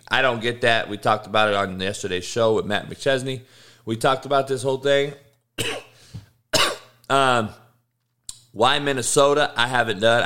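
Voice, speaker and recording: A man's voice: mid-range voice, pushed and bright. A man hosting a sports betting show, reading injury news in a casual, offhand way with frequent swearing. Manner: profane, offhand, reads news aloud.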